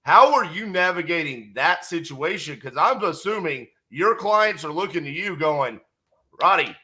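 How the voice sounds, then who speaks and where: A man hosting a podcast, asking questions in a relaxed way and backing the guest with short affirmations. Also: on the high side, moderate pace. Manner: easygoing, short affirmations, calls the guest "bro". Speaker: podcast host. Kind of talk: casual interview.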